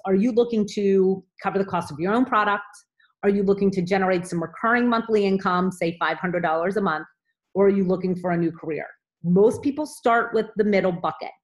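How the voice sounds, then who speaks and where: A woman in her thirties giving a motivational training talk to her team, upbeat and direct, often checking in with "okay?". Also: mid-range voice.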